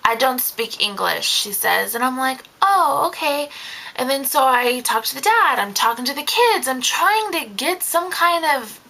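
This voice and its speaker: A young woman chattily telling a babysitting story in a casual vlog, full of fillers and quoting people in a higher voice. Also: lively intonation, normal speed, hardly any pauses, sharp tone, low-quality recording. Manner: chatty, lots of fillers, acts out quotes in a higher voice. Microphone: camera mic.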